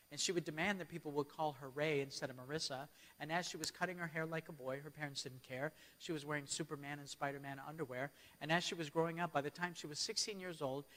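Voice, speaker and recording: This man's fairly high, fairly bright voice carries a storytelling sermon given as a church keynote. He often checks in with the people listening, and the church hall adds a long reverb to the recording.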